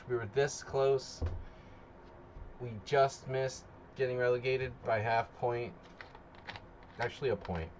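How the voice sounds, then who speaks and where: A man's voice: medium pitch, fairly even intonation, unhurried, pauses often, slight background noise. Loose, rambling male chess streamer. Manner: rambling, loose and chatty, talking to chat while setting up. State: tired after a nap. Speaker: chess streamer hosting a simul. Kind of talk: casual live-stream chat.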